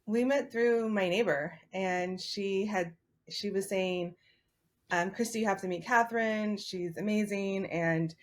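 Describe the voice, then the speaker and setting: A woman's voice: mid-range voice, a little slow. A woman who is a hotel owner, a guest in an interview, telling a story animatedly and acting out quoted dialogue.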